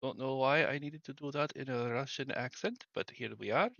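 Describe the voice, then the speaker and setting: A man's voice: mid-range voice, animated, a little fast, gravelly, sharp tone, dry recording, dull audio. A man streaming a game, chatting casually and thinking aloud as he hunts through his files. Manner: distracted, thinking aloud while hunting for files. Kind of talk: casual gameplay chat.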